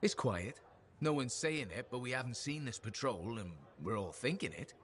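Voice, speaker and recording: A man's voice: mid-range voice, normal speed, natural voice. An actor playing an upbeat man who runs a crew's books, telling stories in video game dialogue in a chatty, friendly way. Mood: storytelling. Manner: chatty, friendly, animated storyteller.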